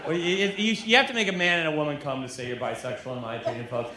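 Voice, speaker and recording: A man performing a live stand-up set, deadpan and mock-serious, often laughing at his own jokes. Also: on the high side, very fast. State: drunk. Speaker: stand-up comedian. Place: comedy club stage. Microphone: handheld stage mic. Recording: roomy live club recording with crowd noise. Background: audience laughter.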